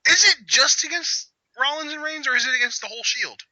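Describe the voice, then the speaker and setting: A man's voice: very high voice, fast talker, bright, forceful tone, dry recording, muffled recording. A young man hosting a live reaction chat who jabs at his co-host with dry, sarcastic teasing.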